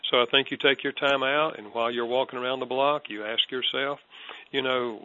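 A man's voice: mid-range voice, fairly even intonation, brisk, a little hiss or hum. An older man, a guest counselor, answering an interview question with an earnest, reflective personal story. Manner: earnest, reflective, soft-spoken. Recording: dull lo-fi audio.

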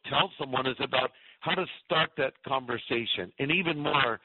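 A middle-aged male pastor telling a lively anecdote in a radio interview, acting out the voices in his story. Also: medium pitch, slightly rough, no room sound. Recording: tinny phone-line radio sound.

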